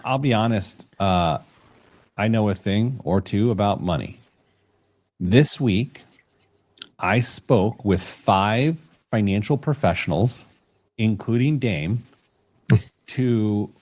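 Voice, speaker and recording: A man hosting a podcast in casual chat, animated and thinking aloud, a little self-deprecating. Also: mid-range voice. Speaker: podcast host.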